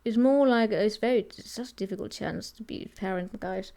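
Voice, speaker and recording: A woman's voice: mid-range voice, a little fast, dark tone. A woman giving a casual tarot reading, thinking aloud and rambling with many restarts. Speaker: tarot reader.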